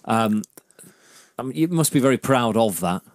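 A man hosting a radio interview, asking gentle, probing questions. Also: medium pitch, animated, normal speed, dry recording, studio quality. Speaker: radio host. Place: radio studio.

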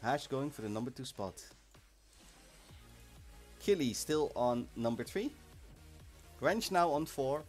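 A man hosting a live game stream, chatting casually and excitably, sometimes bursting into shouts. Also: mid-range voice, slow pace, pauses often. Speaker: livestream host of an online game event. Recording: faint music in the background.

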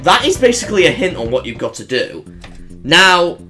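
A man commentating on his own gameplay in an excitable way, yelping and reeling off strings of "no". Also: high voice, normal speed. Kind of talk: let's play commentary. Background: faint game music.

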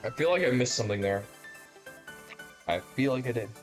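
A man hosting a let's play, rambling and joking with plenty of fillers in a mid-pitched voice. Game music plays clearly behind his casual commentary. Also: expressive, fairly quick.

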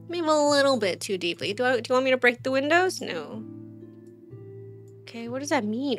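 A woman's voice: a little high, big pitch swings, measured pace, pauses often, fairly bright tone, soft background music. A woman streamer giving casual let's-play commentary, chatty, thinking aloud and quizzing the game characters.

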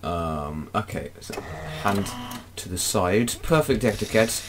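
A young British man giving playful Let's Play commentary, breaking into frustrated shouts. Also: lowish voice, lively intonation, takes it slowly, noisy background. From Britain. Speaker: gaming YouTuber.

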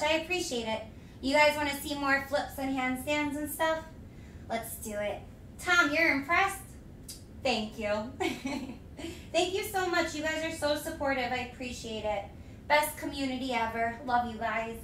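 Bubbly high-voiced woman streamer. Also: measured pace, fairly bright tone, slight background noise. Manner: bubbly, effusive, giggly. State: out of breath. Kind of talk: casual live-stream chat. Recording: echoey room, mic at a distance.

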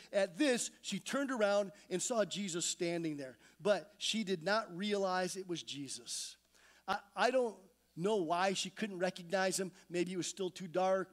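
A male pastor preaching a sermon, retelling scripture with lively storytelling and acted-out voices. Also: high-pitched, moderate pace. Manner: animated storytelling, acting out voices. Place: church sanctuary.

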